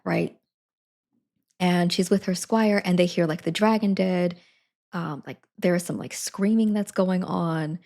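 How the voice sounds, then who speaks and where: A young woman chats casually on a live stream about a book she read, rambling, giggling and correcting herself as she goes. Her voice sits on the low side with a steady gravelly fry. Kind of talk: casual book review chat.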